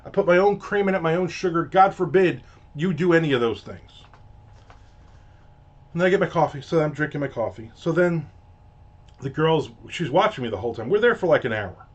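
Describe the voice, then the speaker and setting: A man's voice: a little high, lively intonation, a little fast. Profane, exasperated man on dull audio. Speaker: host. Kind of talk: casual ranting monologue.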